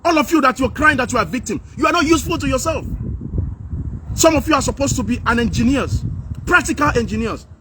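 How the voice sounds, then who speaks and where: A man's voice: very high voice, expressive, fast, background noise. A man from Nigeria with a Nigerian accent that slips into Pidgin, giving an impassioned political vlog rant, preachy and repetitive, full of rhetorical questions. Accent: Nigerian English with Pidgin. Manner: preachy, repeats phrases, asks rhetorical questions. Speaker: political commentator.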